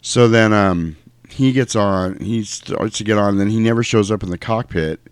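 A low-voiced man casually retelling a movie's plot, animated and acting out the characters as he goes. His voice is recorded close and dry, with no room sound. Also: normal speed, smooth, dry recording. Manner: animated, acts out quotes. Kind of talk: casual film recap chat.

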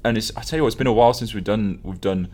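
A man's voice: on the low side, racing, a little mellow. A man co-hosting a podcast from an office, chatting casually with jokey, teasing banter. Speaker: podcast co-host. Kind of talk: casual chat.

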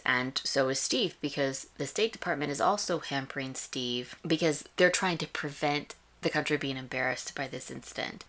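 A woman hosting a podcast, giving a chatty, analytical recap of a TV episode. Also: low voice. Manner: chatty, analytical, animated retelling. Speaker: podcast host reviewing a TV episode. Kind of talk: casual recap and commentary.

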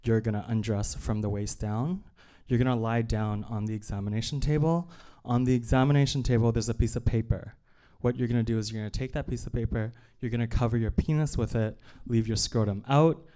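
A man quoting a calm ultrasound tech. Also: medium pitch, fairly quick, hardly any pauses, close to an everyday voice. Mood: instructing. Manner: matter-of-fact, step-by-step. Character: calm male ultrasound technician giving instructions.

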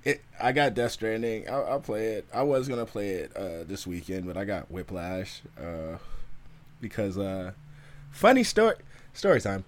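A man's voice: on the low side, sing-song, normal speed. A man telling a story in a casual podcast chat, laid-back, laughing often, with frequent fillers.

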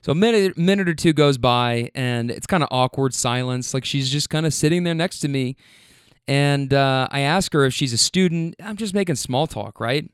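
A man's voice: mid-range voice, clear, resonant tone, no echo, studio quality. Laid-back man telling driver stories. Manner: laid-back, swears freely, talks to listeners. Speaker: rideshare driver. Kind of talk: casual storytelling.

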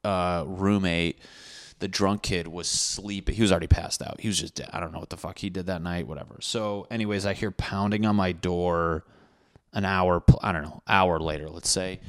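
A man's voice: low-pitched, steady tone, normal speed, fairly bright tone, no room sound, clean studio sound. A young man telling a crude college story in a casual, rambling way, swearing often with fillers and restarts.

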